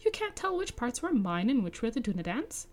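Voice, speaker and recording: A woman reading the lines of a spry, sharp-tongued elderly male hobbit poet, cheeky and snarky. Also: on the high side, very animated, fairly quick, voice pushed up. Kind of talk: audiobook-style reading of dialogue.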